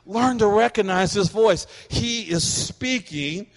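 A middle-aged man preaching a sermon as a pastor, animated and quick to act out the voices of people he describes. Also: high voice, big-room sound.

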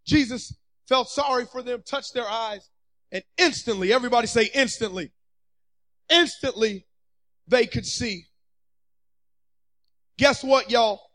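A man preaching a sermon from a church stage, fervent and building up to shouts, acting out the people he quotes. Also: very high voice, unhurried, pauses often, poor audio.

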